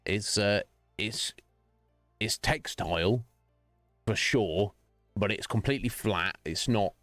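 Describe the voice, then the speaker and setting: Rambling man with a low voice. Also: slow, a bit bright, no echo, soft background music. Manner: rambling, profane, frequent restarts and fillers. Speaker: streamer. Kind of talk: casual chat while streaming.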